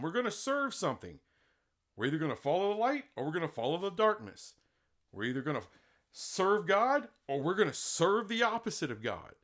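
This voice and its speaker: A man's voice: high-pitched, fairly bright tone. A man giving opinionated solo commentary on college sports, emphatic and indignant, full of rhetorical questions. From Texas.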